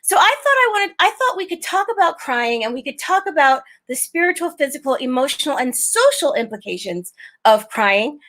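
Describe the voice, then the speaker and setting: A woman's voice: high-pitched, very animated, normal speed, a bit bright. A woman hosting a casual livestream talk show, chatty, frank and exuberant. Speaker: host.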